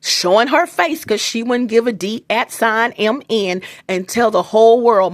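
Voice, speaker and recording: A woman's voice: on the high side, measured pace, few pauses, dry recording, clean studio sound. A woman vlogging to her phone in a loose, rambling monologue, emphatic and profane, with many restarts and asides.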